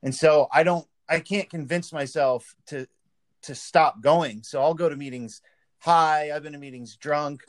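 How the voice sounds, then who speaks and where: A man in recovery speaking candidly and haltingly in casual conversation. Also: medium pitch, no room sound. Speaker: guest in recovery.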